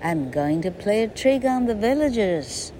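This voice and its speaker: A woman's voice: medium pitch, very animated, measured pace, dark tone, a little hiss or hum. A woman voicing a mischievous young village boy who is a shepherd, with a playful, cheeky manner. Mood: scheming.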